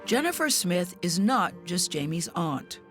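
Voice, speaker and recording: Measured woman narrating a news story. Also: on the low side, very animated, fairly bright tone, faint music behind. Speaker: correspondent narrator.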